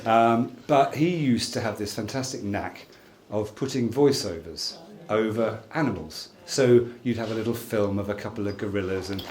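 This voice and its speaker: A man in his sixties giving a jokey wedding speech as the groom, telling stories with lively timing. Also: on the low side. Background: laughing wedding crowd.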